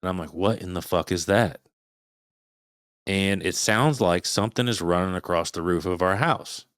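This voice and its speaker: A man's voice: deep voice, normal speed, fairly bright tone, dry recording, clean studio sound. A man in his thirties, a podcast guest, tells a story casually, swears freely, acts out his own past thoughts and imitates the noises he heard. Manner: imitates sounds while telling a story.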